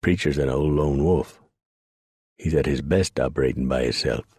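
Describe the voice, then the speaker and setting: Man doing a folksy old trapper, thick backwoods drawl, low and raspy. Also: normal speed, darkish tone, no room sound, studio quality. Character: cheerful old frontier trapper with dialect.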